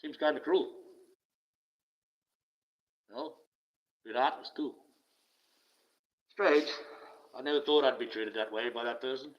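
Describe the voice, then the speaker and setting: A man's voice: mid-range voice, unhurried, long pauses. Bitter older Aussie man ranting. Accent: Australian. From Australia. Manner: swears often, bitter and rambling, with wry laughs. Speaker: online streamer. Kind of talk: casual rant. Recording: slightly dull lo-fi audio.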